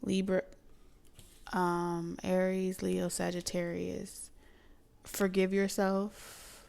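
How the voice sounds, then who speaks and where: A young adult woman giving a casual tarot reading as a psychic medium, chatty and emotive, with soft asides. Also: on the low side, creaky.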